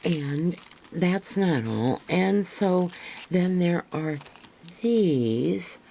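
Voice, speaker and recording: An older woman with a gravelly voice, a craft vlogger chatting to camera as she unpacks a parcel, gushing and rambling with restarts, sometimes dropping to a near-whisper. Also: fairly low pitch, lively intonation, slow pace, dark tone, slight background noise, low-quality recording. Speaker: craft vlogger showing a haul. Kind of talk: casual show-and-tell to camera.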